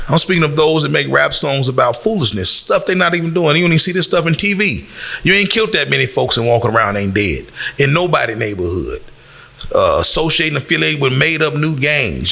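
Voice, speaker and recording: A gravelly man from Chicago giving a blunt lecture to the youth. His voice is bright and a little tense, and it rises when he hammers a point home. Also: on the high side. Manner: blunt, lecturing, rising on emphasis. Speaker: community speaker. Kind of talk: preaching to young people.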